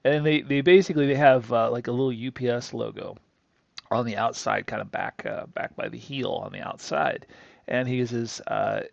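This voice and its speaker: A man's voice: mid-range voice, steady tone, normal speed, creaky, dry recording, highs cut off. A man hosting a crypto channel, telling a rambling, folksy story with chuckling asides. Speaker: crypto analysis channel host. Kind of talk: casual storytelling monologue.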